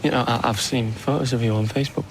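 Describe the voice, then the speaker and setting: A nosy shop clerk of middle years rambles on awkwardly and overfamiliarly, played by a man in a TV drama. His voice is mid-pitched, with clear noise in the scene behind him. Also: steady tone, quick pace, natural voice. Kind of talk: TV drama acting.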